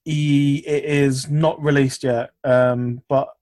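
A man's voice: mid-range voice, little pitch movement, slow pace, a little mellow, dry recording. A man, a filmmaker, chatting casually in an interview, rambling with lots of fillers and restarts. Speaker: filmmaker guest.

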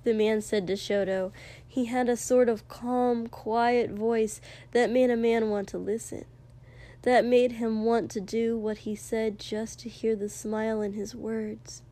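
A woman reading fiction aloud at a slow, measured pace, her voice a touch higher than most. She narrates expressively, letting each sentence land. It sounds like an audiobook. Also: little pitch movement, warm tone.

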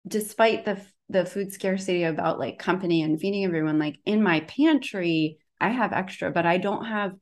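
A woman's voice: on the low side, normal speed, few pauses. A woman wellness practitioner talking casually and at length, rambling with lots of fillers as she tells a story. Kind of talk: casual conversation.

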